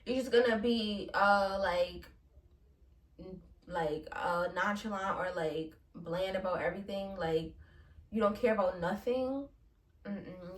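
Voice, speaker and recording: A young woman, hosting a casual solo podcast, blunt and animated, laughing between profane rants. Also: medium pitch, unhurried, echoey room, far from the mic. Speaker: podcast host.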